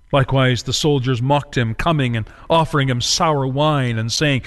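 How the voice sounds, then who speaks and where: A man preaching a sermon dramatically, moving between slow solemn phrases and quick urgent runs. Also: medium pitch, fairly even intonation, in a large hall.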